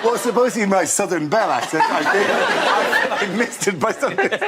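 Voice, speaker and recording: A man's voice: high-pitched, lively intonation, fairly quick, over a noisy crowd. A man hosting a comedy panel show, giggly and self-mocking. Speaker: host. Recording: studio audience laughter and noise.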